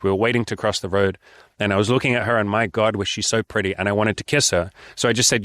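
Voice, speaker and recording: A young man coaches his viewers in a blunt, casual way, swearing freely and acting out lines. His voice sits on the low side. The sound is dry and close, with no room echo. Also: fairly even intonation, quick pace, fairly bright tone. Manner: blunt, frank, swears often, acts out dialogue. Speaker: dating coach. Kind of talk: casual vlog advice.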